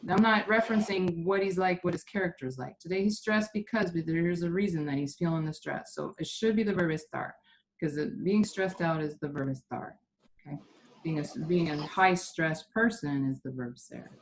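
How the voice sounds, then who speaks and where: A woman's voice: lowish voice, moderate pace, a little hiss or hum. A woman teaching a Spanish class, patiently explaining grammar step by step.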